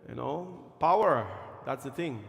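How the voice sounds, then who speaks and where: A man's voice: mid-range voice, lively intonation, unhurried, vocal fry. Man, temple pandit, sermon with chanted verses, reverberant hall. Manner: chanting Sanskrit verses, rising to loud fervor. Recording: echoey temple hall with music.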